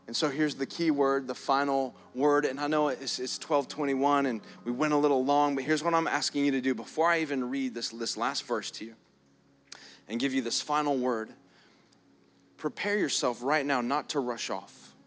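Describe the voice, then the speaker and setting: A man preaching a sermon as pastor in a church, earnest, often repeating words and stretching them out for emphasis. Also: medium pitch. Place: church hall. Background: soft keys playing.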